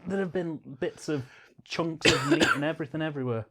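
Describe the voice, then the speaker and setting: A man's voice: fairly high pitch, brisk, fairly bright tone. A man hosting a film commentary, jokey and rambling. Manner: jokey, rambling, hesitant with fillers. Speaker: host of a film commentary channel. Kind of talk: casual chat.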